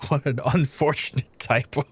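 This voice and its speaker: A man streaming live in casual chat, excitable and profane, stumbling over repeated words. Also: medium pitch, moderate pace, husky. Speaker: livestreamer. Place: indoors at home.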